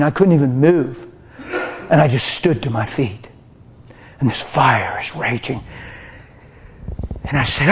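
A middle-aged man preaching a testimony sermon, passionate, swinging from hushed whispers to loud cries. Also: a little high, a little hiss or hum.

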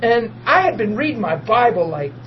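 A man, preaching and telling a personal testimony, swinging from hushed talk to loud tearful laughter. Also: extremely high pitch, very animated, moderate pace. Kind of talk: testimony storytelling. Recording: dull lo-fi audio with noise.

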